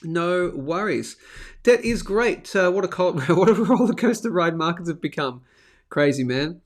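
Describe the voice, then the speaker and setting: A chatty Australian man hosts a casual live show at his desk mic, his voice pitched a little high. He sounds upbeat and friendly as he reads out viewer comments, and now and then he coughs from a throat infection he is getting over. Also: lively intonation, unhurried. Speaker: host of a live stacking show. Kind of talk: casual live-stream chat.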